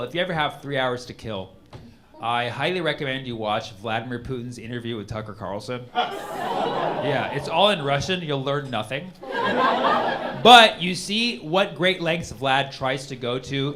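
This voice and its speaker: A man's voice: mid-range voice, a bit bright. Rambling, chatty male stand-up comedian. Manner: rambling conversational, lots of "like" and "man". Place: comedy club stage. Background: audience laughter.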